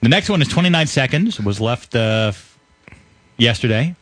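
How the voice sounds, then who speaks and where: Animated male podcast host. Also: mid-range voice, normal speed, no room sound. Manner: lively, exasperated protests. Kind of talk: casual banter.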